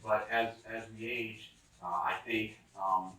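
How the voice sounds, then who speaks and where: A man's voice: on the low side, little pitch movement, slow pace, sharp tone, recorded from a distance. A middle-aged man chats in a loose, rambling way, full of ums and restarts. His voice sits back from the microphone in an echoey room, with instruments faintly behind him. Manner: chatty, rambling with many fillers and restarts. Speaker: musician guest. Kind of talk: casual conversation. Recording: roomy echo, from away from the mic.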